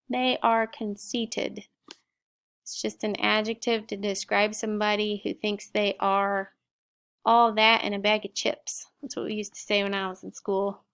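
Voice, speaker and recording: Middle-aged woman teacher, smooth and deliberate, sounds out each word for a recorded class lesson. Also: medium pitch, little pitch movement, fairly bright tone. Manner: slow, clear word-by-word sounding out. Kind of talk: recorded spelling and vocabulary lesson.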